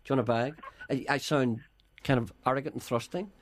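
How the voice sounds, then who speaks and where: A man's voice: mid-range voice, fairly even intonation, fairly quick. A middle-aged man with a Northern Irish accent, hosting a comic radio chat in a wry, rambling, mock-serious way. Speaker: radio host. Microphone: studio microphone.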